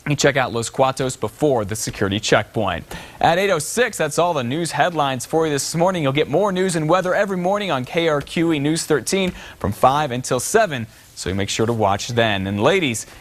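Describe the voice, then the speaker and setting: A man reading local morning news headlines as a television anchor, in a smooth, steady newsreader delivery. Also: fairly high pitch, a little fast.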